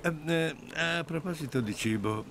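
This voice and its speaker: A man's voice: fairly high pitch, moderate pace, natural voice. A man voicing a timid, hesitant male underling soldier in a dubbed game cutscene. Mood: nervous. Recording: noisy game audio.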